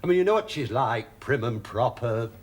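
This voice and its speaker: Pompous bank manager, formal and flustered. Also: male voice, medium pitch, sing-song, normal speed.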